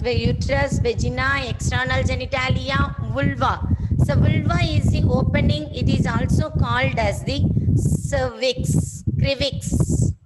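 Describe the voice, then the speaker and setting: High-pitched woman lecturer, patient and repetitive, noisy recording. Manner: slow, repeats and spells terms for students. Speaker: biology teacher. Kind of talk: online class lecture. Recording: loud background noise.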